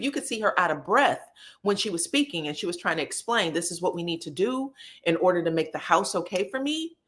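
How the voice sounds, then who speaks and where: A woman hosting a casual live stream, recapping a reality show with sassy, profane commentary and talking to her chat. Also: on the low side. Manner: animated, sassy, profane, quotes people in put-on voices.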